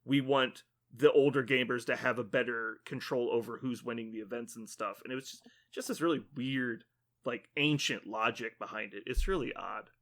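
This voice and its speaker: Bright-voiced ranting podcast man. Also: mid-range voice, normal speed. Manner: animated, profane ranting with acted-out quotes. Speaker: podcast co-host. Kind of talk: casual podcast chat.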